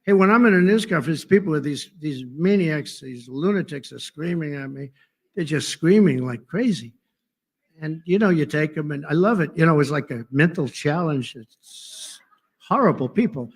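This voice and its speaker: A man's voice: fairly high pitch, animated, normal speed, husky. A man giving a rambling, off-the-cuff political speech at a conference, full of sarcasm and digressions.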